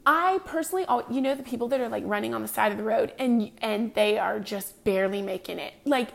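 High-voiced chatty woman. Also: fast, vocal fry. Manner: chatty, with many fillers. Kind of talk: casual monologue.

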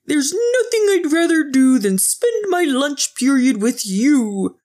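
A woman's voice: sits high, big pitch swings, takes it slowly, darkish tone, voice pushed up, exaggerated voice. Woman doing a cocky teenage boy. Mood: teasing. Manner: joking, smug.

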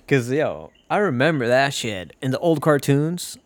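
Animated, rambling podcast host guy. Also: mid-range voice, measured pace, no echo. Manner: rambling, profane, jokey. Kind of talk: casual solo podcast talk.

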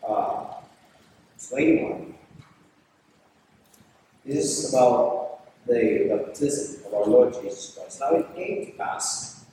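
A priest delivers a sermon at an unhurried pace, restating each line to drive it home. He is picked up from some distance, and his voice rings through a large, reverberant hall. A faint room hum sits underneath. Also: mid-range voice, mellow. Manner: deliberate, repeats phrases for emphasis. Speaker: priest leading a fellowship service. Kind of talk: sermon with scripture reading. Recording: echoey hall from far off, faint room noise.

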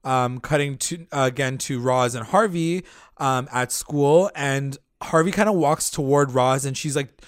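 A man's voice: medium pitch, a little slow, no room sound, clean studio sound. A man co-hosting a podcast in loose casual chat, full of fillers and swearing.

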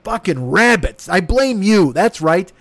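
A man's voice: high voice, sing-song, a little slow, a bit bright, no room sound. A man hosting a podcast, delivering a profane comedic rant with a raw throat. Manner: swears constantly, ranting and sarcastic. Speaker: podcast host.

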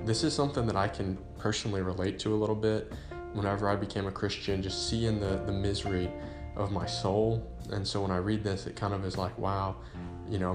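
A man reading an old sermon aloud, then talking casually about the preacher's life with many restarts and fillers. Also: lowish voice. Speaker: podcast host reading a sermon. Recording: roomy sound with guitar music behind.

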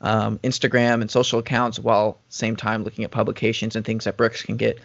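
A man's voice: on the low side, brisk, gravelly, no room sound. A young man, a professional runner, chatting casually and rambling with lots of fillers. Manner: relaxed, rambling, many fillers. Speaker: professional runner, podcast co-host. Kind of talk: casual chat. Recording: dull lo-fi audio.

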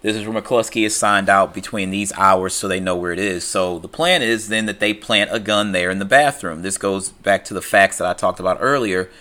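Bright-voiced man casually recapping a film. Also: low-pitched, brisk, hardly any pauses. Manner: loose retelling with many fillers and "he's like" quotes.

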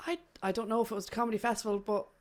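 A woman's voice: fairly high pitch, flat delivery. Chatty Irish woman. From Ireland. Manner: chatty, laughing, quick storytelling. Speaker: host. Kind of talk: casual chat.

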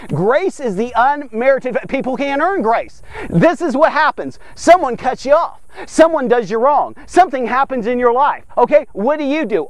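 Emphatic high-voiced male preacher. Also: dry recording. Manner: emphatic, repeats "okay?" often. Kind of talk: sermon.

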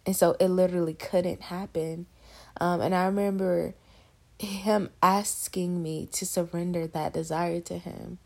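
Gravelly-voiced young woman, near tears. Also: fairly low pitch, steady tone, unhurried, darkish tone. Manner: emotional, on the verge of tears; conversational, addresses listeners as y'all. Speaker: podcast host sharing faith testimony. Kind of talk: casual devotional talk.

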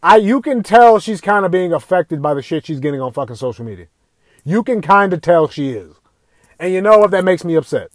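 A man's voice: high voice, lively intonation, brisk, no room sound. A man delivering an angry, profane rant to camera, swearing constantly and raising his voice at times. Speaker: video ranter.

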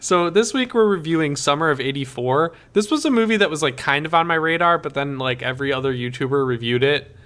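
A man's voice: on the high side, fast, few pauses, fairly bright tone, clear, resonant tone. A man co-hosting a podcast, chatting casually, swearing and laughing easily. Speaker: podcast co-host. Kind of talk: casual chat.

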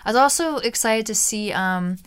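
A woman's voice: fairly high pitch, lively intonation, moderate pace, a bit bright, clean tone. A woman co-hosting a film podcast in casual chat, playful, teasing and a little exasperated. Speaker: podcast co-host.

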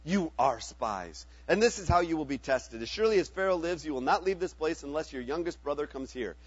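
A man's voice: fairly high pitch, animated, a little fast, husky, dry recording, lo-fi sound. A man voicing a stern, commanding male governor while reading a scripture passage aloud.

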